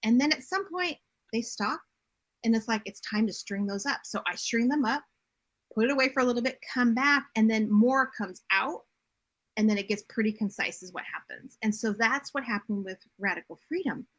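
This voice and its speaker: Bright and fairly high, this middle-aged woman talks as a guest on a podcast. She tells her story directly, with a lot of animation, and her voice rises in the lively moments. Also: normal speed. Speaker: podcast guest, bodymind coach and writer. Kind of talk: casual interview chat.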